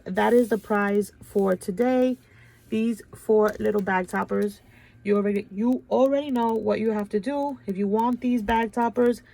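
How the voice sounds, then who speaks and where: A woman's voice: medium pitch, gravelly, warm tone. A woman hosting a craft channel, chatting casually and gushing over her work with a stuffy nose. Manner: gushing, chatty, keeps saying "you guys". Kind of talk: casual show-and-tell chat.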